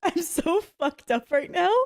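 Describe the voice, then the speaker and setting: A woman's voice: very high voice, lively intonation, a little slow, darkish tone. A woman hosting a reaction video, giggly and jumpy, exclaiming and swearing as she comments.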